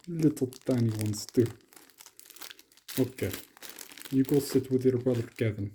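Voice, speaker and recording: A man's voice: medium pitch, unhurried, pauses often, dark tone, a little hiss or hum. A young man doing playful, comic commentary while unboxing lock picks, sometimes slipping into a mock Russian persona.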